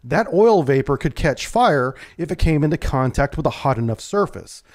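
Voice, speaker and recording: Calm higher-voiced man telling a sea story. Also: normal speed. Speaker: submarine veteran storyteller. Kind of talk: first-person narration of a true story.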